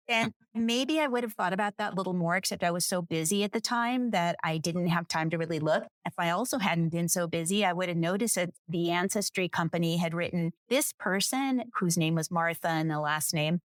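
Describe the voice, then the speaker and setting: A woman of about sixty with a low-set voice tells her own story as a podcast guest. She acts out what other people said, jumping up in pitch for the quotes. Her voice sounds close and dry, with no room around it. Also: a little fast, few pauses, dry recording. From United States. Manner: lively narrator who acts out quoted lines with jumps in pitch. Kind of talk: personal storytelling in an interview.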